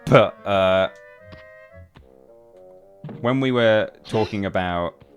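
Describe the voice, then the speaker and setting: Chatty low-voiced man streaming. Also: extremely slow, soft background music. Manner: rambling, chatty, restarts sentences often. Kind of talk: casual live-stream chat while gaming.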